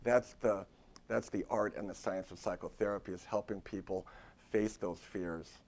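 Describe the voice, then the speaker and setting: A man's voice: lowish voice, steady tone, normal speed, a little mellow. Emphatic middle-aged man lecturing therapists. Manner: emphatic, repetitive, talks straight to the audience. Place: lecture room at a university.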